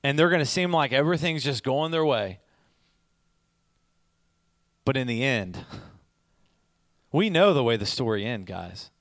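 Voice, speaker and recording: A man's voice: mid-range voice, expressive, measured pace, long pauses, dry recording. A man preaching a sermon, urgent and repetitive, building to emphatic exhortation.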